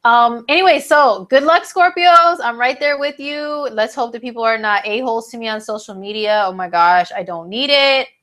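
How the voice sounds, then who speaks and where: A woman's voice: fairly high pitch, normal speed, few pauses, fairly bright tone. A woman hosting an astrology video, talking casually to her viewers in a chatty, slangy way with lots of fillers, a little stuffy in the nose. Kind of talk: casual talk to camera.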